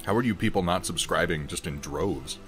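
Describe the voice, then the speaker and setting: A man's voice: low-pitched, a little fast, a bit bright, faint music behind. A man hosting a casual livestream, chatting wryly with viewers in a rambling way while he eats and paints miniatures.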